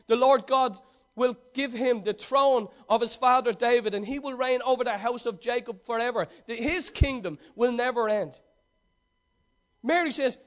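A man preaching a sermon, reading scripture aloud and then retelling it with swings between loud emphasis and quiet asides. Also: very high-pitched.

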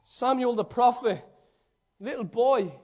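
A man's voice: extremely high pitch, slow pace, a little mellow. A man preaching a fervent sermon, building with rhetorical repetition.

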